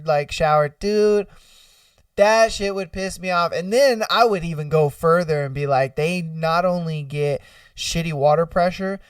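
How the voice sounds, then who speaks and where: A man's voice: a little high, smooth, dry recording, studio quality, recorded from a distance. A man hosting a podcast, chatting casually and profanely, laughing often and acting out silly scenarios. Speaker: podcast host. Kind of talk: casual solo commentary reading listener ideas.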